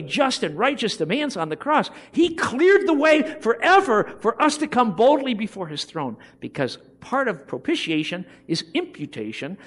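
A middle-aged man delivers a passionate sermon. His voice sits high for a man and ranges widely as he builds to emphatic points. He acts out the voices of people he quotes along the way. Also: a bit bright. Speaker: preacher.

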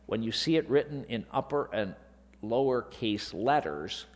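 A man teaching scripture from the pulpit of a large hall, his voice swinging up and down with lively emphasis. He keeps throwing rhetorical questions at the congregation, and his words ring out with a long echo. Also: mid-range voice, a little slow. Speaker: Bible teacher. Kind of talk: sermon-style Bible lesson.

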